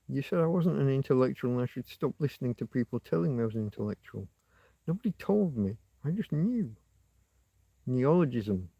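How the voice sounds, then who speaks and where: Male livestream host, mid-pitched, dry close sound, rambling and wryly self-mocking. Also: warm tone, dry recording, highs cut off. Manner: rambling, wry, self-mocking, hesitant restarts. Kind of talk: rambling live chat with viewers. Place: outdoors in a field. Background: passing motorbike.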